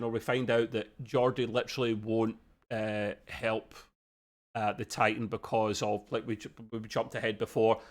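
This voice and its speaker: Chatty man reviewing a show. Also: on the low side. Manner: chatty, animated, laughs often, quick quoted voices. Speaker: podcast host reviewing a TV episode. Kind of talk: casual review chat.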